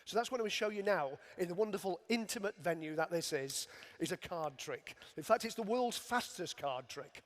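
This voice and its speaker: Middle-aged male magician, deadpan self-mockery; echoing big-hall sound. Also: sits high, brisk, hardly any pauses. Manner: dry, self-mocking jokes. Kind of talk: comic stage patter. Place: large arena stage. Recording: long arena reverb.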